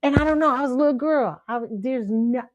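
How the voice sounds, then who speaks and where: A woman's voice: high voice, brisk, no echo, lo-fi sound. A woman hosting her own show, telling a story to viewers in an emphatic, insistent way and often repeating herself. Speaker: show host.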